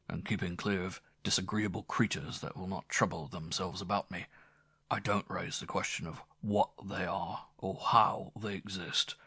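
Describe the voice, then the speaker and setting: A man playing a grave, kindly older gentleman speaking to a young man. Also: sits low, gravelly, breathy edge, no room sound, studio quality, full character voice. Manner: grave, fatherly.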